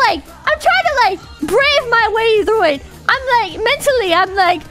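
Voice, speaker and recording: A woman streamer with a very high voice tells a story in a loose, rambling way. She swears freely and breaks into giggles, and her pitch swings widely. Faint music plays underneath. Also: very animated, normal speed, few pauses, a bit bright. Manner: rambling, profane, giggly, with frequent restarts. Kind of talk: casual livestream storytelling.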